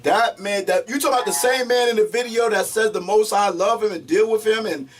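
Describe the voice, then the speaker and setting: Man, slightly high pitch, host, preacher-like, interrupts with questions. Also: fairly quick. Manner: preacher-like, interjects, uses religious terms. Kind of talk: religious talk show interview.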